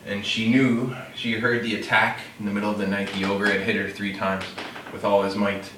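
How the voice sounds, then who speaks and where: A man's voice: on the low side, flat delivery, moderate pace. A man telling a fable in a loose, unpolished way, showing a classroom storytelling trick. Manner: unpolished, with fillers and self-corrections. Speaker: storyteller demonstrating a classroom technique. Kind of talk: casual oral storytelling. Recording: roomy, distant mic, faint noise.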